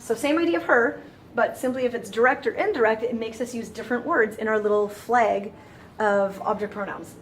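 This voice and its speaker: Woman, teacher, casual lesson, talks as she thinks, slightly high, light hiss. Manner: chatty, self-correcting, thinks aloud. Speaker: French teacher.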